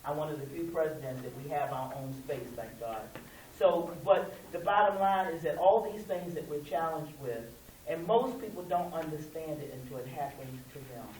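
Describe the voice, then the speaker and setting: A middle-aged woman, president of a local civil rights chapter, speaks at a community meeting with a low, darkish voice at a moderate pace. She tells stories folksily and conversationally, dramatizing quoted dialogue. Faint hiss and room echo are audible, and she's far from the mic.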